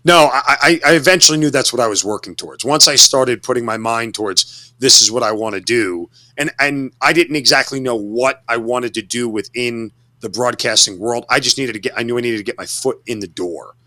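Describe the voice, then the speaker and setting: A man's voice: mid-range voice, a little fast, hardly any pauses, sharp tone, no room sound. A man in his forties, a guest telling his story in an interview, reflective and given to repeating words as he restarts. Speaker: interview guest, former Army officer. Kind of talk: conversational storytelling.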